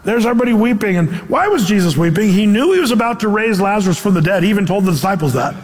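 Preaching at a rapid-fire clip, this pastor has a voice pitched high for a man. His delivery is animated and drifts into quoted voices, while a long hall reverb trails each phrase.

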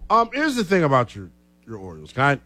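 A man's voice: mid-range voice, wildly swooping pitch, fast, sharp tone. A man co-hosting a sports radio show, teasing his partner in a playful way. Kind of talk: casual sports talk.

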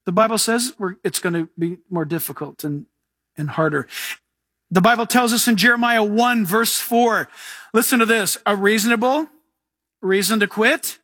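High, bright-voiced male pastor preaching. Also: moderate pace, dry recording. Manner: animated, emphatic, repeats "listen". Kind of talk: sermon.

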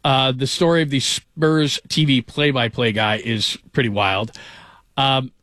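A man hosts a sports talk radio show from a studio, chatting loosely and hopping from one story to the next. His voice sits at an ordinary middle pitch. The sound is dry, with no room echo. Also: fairly even intonation, unhurried, fairly bright tone. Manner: rambling, chatty, jumps between stories.

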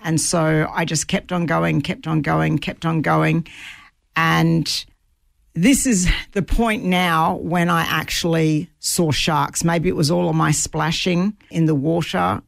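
A woman's voice: deep voice, fairly even intonation, slow, vocal fry, no echo, studio quality. A woman guest earnestly recounting a personal ordeal at sea, a vivid storyteller who repeats phrases for effect.

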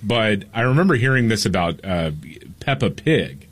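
Husky low-voiced male co-host. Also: sing-song, moderate pace. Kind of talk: casual talk radio chat.

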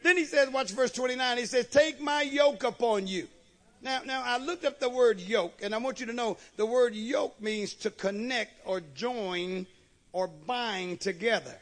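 A man's voice: very high voice, moderate pace. A man, a bishop, preaching a sermon with emphatic delivery and frequent amens.

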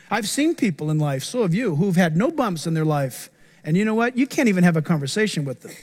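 Middle-aged guy preaching, pretty high voice, lively and jokey, church sermon. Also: fairly quick, vocal fry, slightly rough. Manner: animated, joking, acts out quoted voices. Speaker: pastor.

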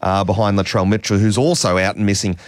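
A man's voice: lowish voice, steady tone, quick pace, dry recording, clean studio sound. A man with an Australian accent hosting a breakfast radio show, chatty and self-mocking, laughing often. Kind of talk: casual radio chat.

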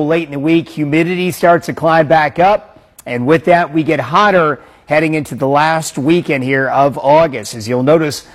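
Upbeat TV weatherman, slightly high voice. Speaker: weather forecaster. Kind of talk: TV weather forecast.

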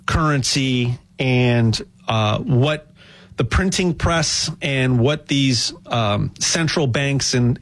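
A man giving a rambling, jokey sales pitch for buying gold, full of restarts and repeated words. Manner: animated, repetitive restarts, jokey asides. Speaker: gold dealer spokesman.

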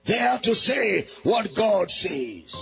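A man preaching a sermon in a shouting, sing-song style, calling on the congregation to repeat after him. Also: high-pitched, big pitch swings, slow pace, gravelly, breathy edge, soft background music.

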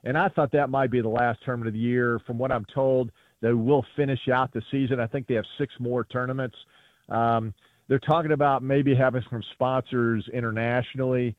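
A man's voice: medium pitch, fairly quick, no echo. Man on a tinny phone line. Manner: animated storyteller, acts out quoted voices. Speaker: golf reporter. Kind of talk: phone-in radio interview.

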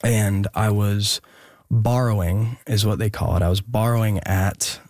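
A young man, a guest in an interview, telling a personal story in an earnest, reflective, halting way. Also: fairly low pitch, steady tone, a little mellow, dry recording, clean studio sound.

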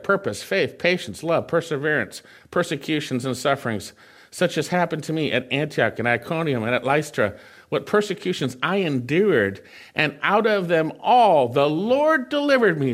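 A man preaching a sermon, reading scripture slowly and then explaining it in a conversational way. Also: fairly high pitch, fairly bright tone. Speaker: pastor.

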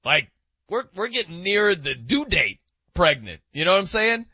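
A man's voice: high-pitched, sing-song, moderate pace, bright, forceful tone, husky, no echo, dull audio. A man hosting a sports talk show, chatty and joking with many fillers.

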